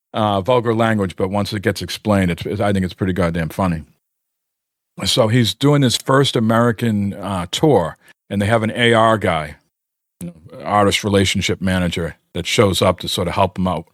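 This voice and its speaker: A man's voice: fairly low pitch, no room sound, clean studio sound. Rambling man telling stories on a podcast. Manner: rambling storyteller, many fillers. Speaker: podcast co-host. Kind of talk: casual chat.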